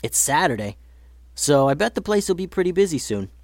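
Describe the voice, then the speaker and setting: A man's voice: on the high side, very animated, fairly quick, a little mellow, no echo, studio quality, voice pushed up. A man voicing a friendly, easygoing boy with an upbeat manner.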